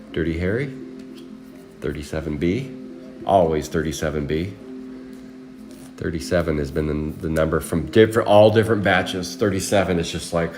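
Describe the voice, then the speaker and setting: A married man casually hosts a live trading card break, rambling, listing cards, and chatting with viewers by name. His voice sits low, with music in the background.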